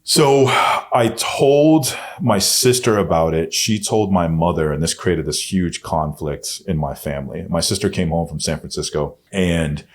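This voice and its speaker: A man being interviewed on a podcast, telling a personal story in a blunt, profane way. He often swears and goes soft and hushed when he quotes himself. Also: low voice, a little slow. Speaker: podcast guest.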